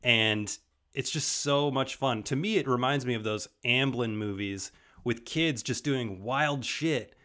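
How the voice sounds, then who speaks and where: A man co-hosting a podcast, relaxed, listing film facts and then giving his own take. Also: medium pitch, unhurried. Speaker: podcast co-host. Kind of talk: casual film discussion.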